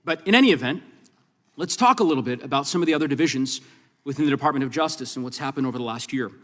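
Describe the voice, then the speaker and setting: A man's voice: mid-range voice, lively intonation, rapid-fire, fairly bright tone. A congressman firmly questioning a witness at a hearing, pressing and talking over her interruptions. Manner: firm, pressing, reclaims time, talks over interruptions. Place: large hearing room. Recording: reverberant hearing room.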